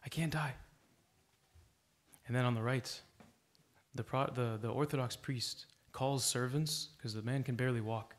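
A man's voice: mid-range voice, steady tone, normal speed. A man preaching a sermon in a church, earnest and exhorting, telling a story to make his point.

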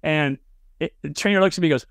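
A man's voice: fairly high pitch, fast talker, vocal fry, clean tone, no echo, clean studio sound. A man hosting a sports podcast, chatty and telling stories as he interviews a coach. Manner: chatty storyteller, animated when telling a tale. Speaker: podcast host and analyst. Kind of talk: casual interview with anecdotes.

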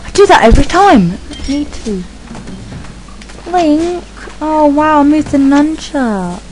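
A woman giving rambling casual commentary while playing a video game, chatting to her dog and reacting out loud. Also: high-pitched, slow, slight background noise, rough recording. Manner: excitable, yelps and squeals at the game. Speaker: let's play gamer.

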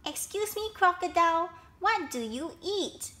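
A woman's voice: very high voice, expressive, a little slow, bright, forceful tone, voice pushed up, full character voice. A woman voicing a curious, polite little baby elephant who squeals eager questions in a raised voice.

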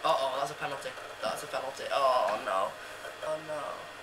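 A young man commentating on his own football video game match, rambling casually and bursting into yells and chants at goals. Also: mid-range voice, normal speed, noisy background. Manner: excitable, yells and sings at goals. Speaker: gaming YouTuber. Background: loud background music.

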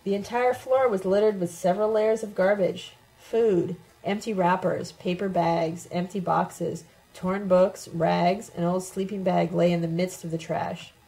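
Woman reading a letter out loud, steady and measured, mellow warm voice. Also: lowish voice, creaky, low-quality recording. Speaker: audiobook reader. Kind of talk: first-person letter narration.

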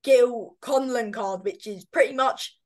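A woman with a fairly high voice chats casually as a boxing pundit. She talks loosely, with many fillers and restarts, and keeps correcting herself mid-sentence. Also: a little slow. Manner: chatty, hesitant, self-correcting. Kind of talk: casual fight predictions chat.

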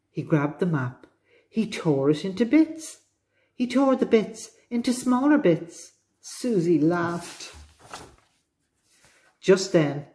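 An Irish woman reads a picture book aloud to young children, her fairly low voice rising and falling in a very animated way. She is an expressive storybook reader. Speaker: librarian reading to children.

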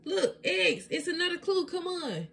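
A woman's voice: very high voice, expressive, a little slow, creaky, fairly bright tone, voice pushed up, heavily acted. A woman reading a storybook aloud, giving an eager voice to a brave, cheerful little girl puppy. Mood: excited. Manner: eager, exclaiming.

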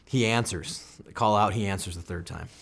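Deep-voiced American man recounting combat. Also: brisk, a bit bright. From United States. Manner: intense first-person combat recounting, acts out quoted lines. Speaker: military veteran guest. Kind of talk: interview storytelling.

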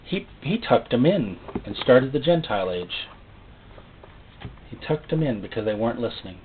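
A man preaching a sermon in a folksy, joking way, acting out little voices and rising suddenly to loud, high outbursts. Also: big pitch swings, normal speed, a little hiss or hum. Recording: tinny phone-like sound.

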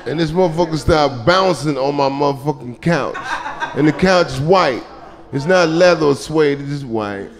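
A man doing live stand-up comedy, telling loose, profane stories and shouting his punchlines. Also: a little high, normal speed. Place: comedy club stage. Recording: live club recording with crowd laughter. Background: audience laughter.

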